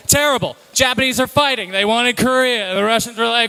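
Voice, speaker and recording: Man, very high voice, comedic live talk, playful punchy delivery. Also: a little fast, few pauses, sharp tone. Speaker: presenter at a live talk night. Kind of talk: comedic slide presentation to a live audience.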